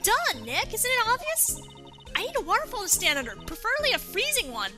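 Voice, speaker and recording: A woman doing a chirpy, excitable teen girl. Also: extremely high pitch, a little fast, voice pushed up, exaggerated voice. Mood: eager. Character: bubbly hyper teen girl spirit medium. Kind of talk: voicing game dialogue. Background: game music.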